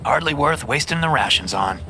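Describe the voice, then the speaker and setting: A man voicing a weary, hardened army sergeant who gives orders in a tired, flat, cold way. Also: a little high, fairly quick, faint music behind, pitched above the performer's own voice. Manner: tired, flat and coldly commanding.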